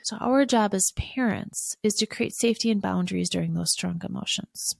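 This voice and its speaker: Woman podcast host, parenting coach, slight vocal fry, dry close sound. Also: medium pitch, normal speed, no room sound. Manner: warm, coaching, acts out soothing lines to a child. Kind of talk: solo podcast teaching.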